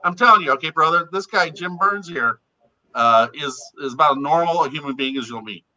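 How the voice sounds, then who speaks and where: Bright, high-voiced older man joking. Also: brisk, highs cut off. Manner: animated, joking, stumbling restarts. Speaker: guest. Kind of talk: casual chat.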